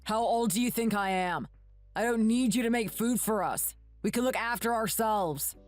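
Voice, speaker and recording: A woman's voice: fairly high pitch, moderate pace, soft background music, natural voice. A woman voicing a rude, ungrateful adult son who talks in a snappish, contemptuous way. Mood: irritated.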